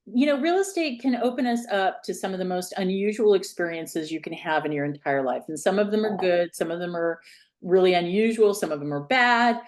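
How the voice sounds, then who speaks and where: A woman's voice: on the low side, animated. Enthusiastic woman podcast host. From Hawaii. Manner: enthusiastic, quick to laugh along. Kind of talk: casual interview chat.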